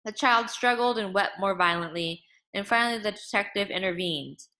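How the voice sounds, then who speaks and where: A woman reading a novel aloud as an audiobook narrator, in a measured, dramatic way. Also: medium pitch, sharp tone.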